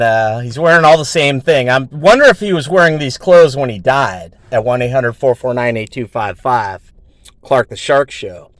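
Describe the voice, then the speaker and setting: A man's voice: mid-range voice, dry recording. A man hosting his own show, telling a story in a rambling, casual way with heavy swearing and lots of fillers. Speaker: show host.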